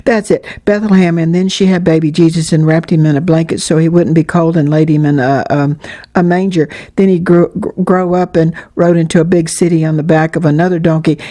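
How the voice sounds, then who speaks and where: A woman's voice: deep voice, mellow, natural voice. A woman voicing an eager, talkative little boy who runs his words together.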